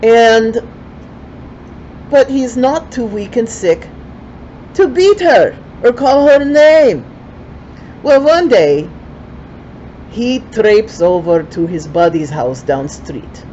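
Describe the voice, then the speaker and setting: A woman's voice: a little high, big pitch swings, slow, long pauses, dark tone, highs cut off, a little hiss or hum. An older woman with a Ukrainian accent telling a folksy story in broken English, with chatty asides.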